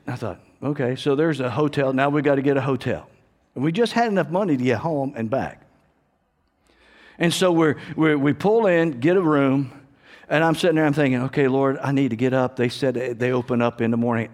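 Older male pastor, high voice, sermon storytelling with frequent restarts and amens. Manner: repetitive restarts, call-and-response amens.

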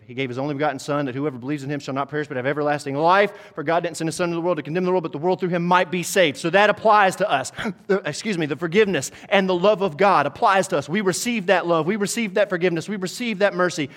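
High-voiced preaching pastor. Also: male voice. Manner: preaching with emphatic repetition, rising to loud high exhortation. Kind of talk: sermon. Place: church sanctuary.

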